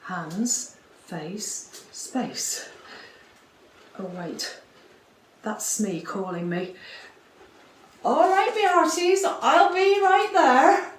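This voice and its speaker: A woman's voice: fairly low pitch, drawn-out words, pauses often. A woman playing Tinkerbell, a chatty undercover fairy. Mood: conspiratorial. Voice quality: chatty, conspiratorial newsreader manner with pirate slang. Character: cheeky female fairy Tinkerbell posing as pirate reporter. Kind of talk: amateur pantomime radio play. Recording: roomy room with faint background hiss.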